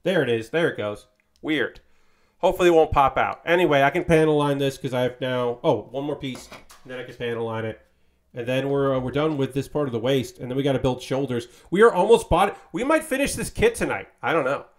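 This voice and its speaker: A man's voice: mid-range voice, brisk. A man streaming, casually chatting while he builds a model kit, rambling with lots of fillers and a bit of swearing.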